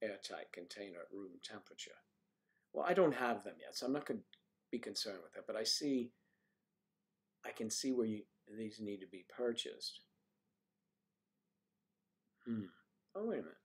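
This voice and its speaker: A man hosting a casual livestream, musing aloud and joking as he reads out viewer comments. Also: fairly low pitch. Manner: rambling, joking. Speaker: livestream host.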